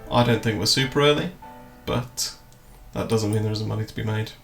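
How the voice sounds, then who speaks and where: A man's voice: on the low side, a little fast. A man chatting loosely on a trading livestream, rambling, swearing and laughing often. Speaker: crypto trading streamer. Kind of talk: casual livestream chat. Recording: roomy echo, faint music behind.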